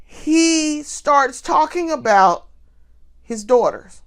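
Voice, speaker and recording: Woman vlogger with a high, bouncy voice for a casual story to camera, animated and laughing. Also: very slow. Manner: talks straight to viewers.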